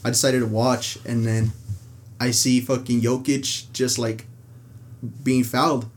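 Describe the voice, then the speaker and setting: A man's voice: mid-range voice, little pitch movement, measured pace. A young man hosts a laid-back sports chat, rambling through stories and swearing freely. He laughs often as he talks. A faint hum of room noise sits under his voice. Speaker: podcast host.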